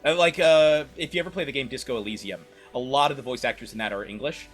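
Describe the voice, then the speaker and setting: A man in casual podcast chat, speaking earnestly and haltingly, often restarting his sentences. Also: medium pitch, soft background music.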